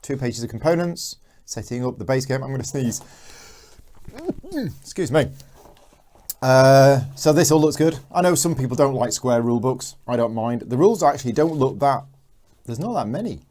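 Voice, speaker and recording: Chatty man with a mellow voice. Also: mid-range voice, lively intonation, moderate pace. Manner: chatty, reads viewer comments aloud. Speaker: board game channel host. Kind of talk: live unboxing chat.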